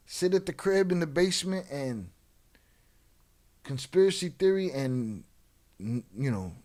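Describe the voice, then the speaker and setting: A man's voice: a little high, darkish tone. A man hosting a live show, giving casual, profane commentary in street slang on crime videos. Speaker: host.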